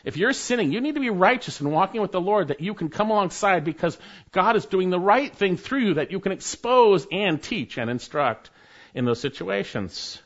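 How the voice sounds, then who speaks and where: A man preaching with a lively, swooping voice set a little high. He moves from loud emphasis to quiet urging and repeats his points. The recording sounds dull and lo-fi. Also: normal speed. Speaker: pastor. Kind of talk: sermon.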